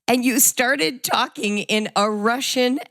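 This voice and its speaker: A middle-aged woman hosting a podcast, telling a family story and leading into questions in an animated, conversational way. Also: fairly high pitch, slow, no echo, clean studio sound. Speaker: podcast host. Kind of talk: conversational interview.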